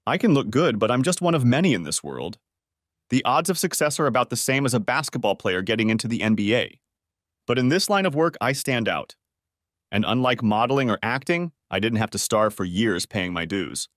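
A man voicing a confident, charming young woman who talks in a smooth, self-assured way. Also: medium pitch, sing-song, a little fast, a bit bright, no echo, studio quality.

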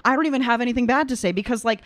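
A woman who is a trained opera singer giving excitable live reaction commentary, full of gasps and exclamations, then switching to calm vocal critique. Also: a little high, rapid-fire, no room sound. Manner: excitable, gasping exclamations, many "like"s.

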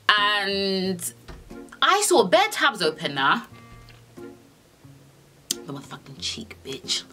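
A young woman tells a storytime in an animated, sassy way, and her pitch swings widely as she acts out both sides of the conversation. Her tone is bright and forward. Faint music plays under her voice. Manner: animated and sassy, heavy swearing, acts out dialogue. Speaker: vlogger. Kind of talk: storytime vlog.

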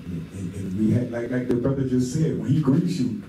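A man's voice: medium pitch, lively intonation, fairly quick. A man giving a eulogy for a childhood friend, a jovial storyteller who often breaks into laughter. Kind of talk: memorial speech. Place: memorial service hall. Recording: very echoey hall, distant mic, noisy.

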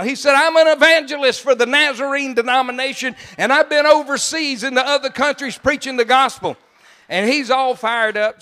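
An older man preaching a sermon, telling stories in a folksy way and breaking into shouts. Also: high voice. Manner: folksy storytelling, bursts into shouts. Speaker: pastor. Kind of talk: sermon with storytelling.

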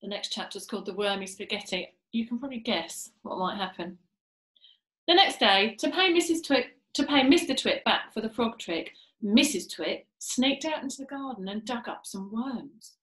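A woman reading a children's book aloud, with an expressive, lively manner. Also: a little high, moderate pace. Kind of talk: storybook read-aloud. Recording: roomy echo.

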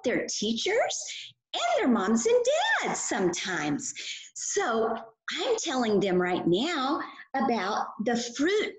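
A woman teaching children a Bible lesson with a puppet, gentle and patient in a sing-song way. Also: high voice. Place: chapel. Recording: echoey chapel room.

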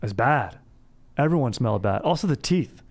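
A man's voice: medium pitch, lively intonation, normal speed, a little mellow. A young man hosting a comedy podcast, chatting casually in bro slang and saying "dude" all the time. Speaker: podcast host.

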